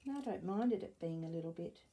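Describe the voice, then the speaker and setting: Fast and animated, with a mellow voice on the low side, an Australian sewing crafter chats and thinks aloud in a casual vlog, rambling and correcting herself. It's filmed at home in a room with a wooden floor, using a camera placed nearby.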